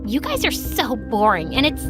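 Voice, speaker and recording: Mocking mean-girl teen, voiced by a woman; high, animated, music bed. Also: moderate pace. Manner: sneering, mocking. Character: snide mean-girl teenage twin.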